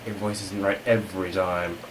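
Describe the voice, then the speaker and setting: A woman voicing a mocking dark bird creature, dry and teasing, in a noisy home recording. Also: rumbling low, little pitch movement, moderate pace, voice pushed down.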